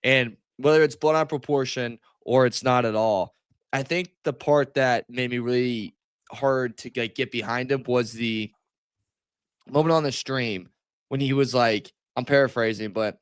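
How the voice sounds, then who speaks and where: A man co-hosting a casual sports podcast, talking in a relaxed, analytical way. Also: medium pitch, moderate pace, clear, resonant tone, no room sound. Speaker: podcast co-host.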